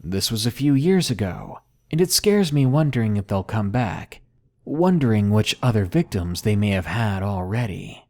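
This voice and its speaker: A man reading submitted horror stories aloud in a measured, somber first-person narration. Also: fairly low pitch, sing-song, darkish tone.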